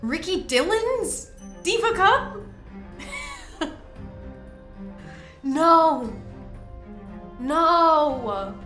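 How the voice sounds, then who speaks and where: A young woman giving excitable, reactive commentary while playing a video game, yelling at wins and groaning at losses. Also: mid-range voice, slow pace, long pauses, echoey room, faint music behind. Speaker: gaming video creator.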